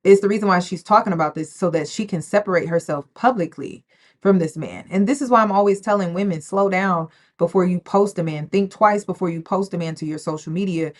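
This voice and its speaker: A woman's voice: on the low side, brisk. A woman hosting a reaction channel, chatting casually and speaking straight to her women viewers. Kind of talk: casual commentary on a story.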